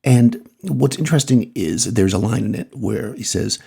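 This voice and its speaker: A middle-aged man with a Massachusetts accent, hosting his podcast and talking out loud in a loose, rambling way with small laughs. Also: medium pitch, moderate pace, gravelly, few pauses, breathy edge. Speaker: podcast host, photographer. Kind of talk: casual solo podcast monologue.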